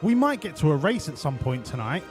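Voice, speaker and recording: A man streaming a racing game live, bantering with his chat in a profane, excitable way. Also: a little high, brisk, music in the background.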